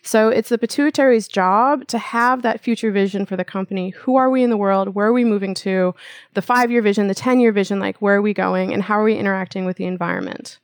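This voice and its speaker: A woman's voice: mid-range voice, fast talker, no echo. A woman guest telling a personal story and explaining with analogies in a casual interview. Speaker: acupuncturist guest.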